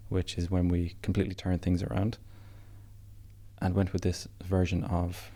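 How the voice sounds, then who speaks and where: A man speaks as a podcast guest in a very low, gravelly voice with a dark, mellow tone. He recounts things in a plain, matter-of-fact way with little rise and fall. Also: monotone, normal speed. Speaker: podcast guest, business founder. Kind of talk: casual podcast interview.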